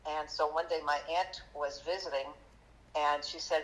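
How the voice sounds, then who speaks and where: A woman guest on a podcast, telling her story in a halting, chatty way with many fillers, turning lively when she quotes people. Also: low voice, rough recording. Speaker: magician guest. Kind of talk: conversational storytelling interview.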